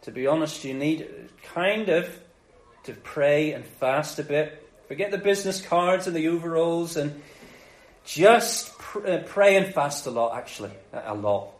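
Guy doing jesus, calm and chill, low quiet voice, echoey room. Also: unhurried. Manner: calm, low-key, matter-of-fact. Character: calm unfazed male Jesus, gently teaching.

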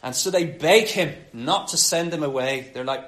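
A man preaching a sermon, telling the story with animated acted-out quotes. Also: a little high, normal speed, hardly any pauses. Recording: roomy echo.

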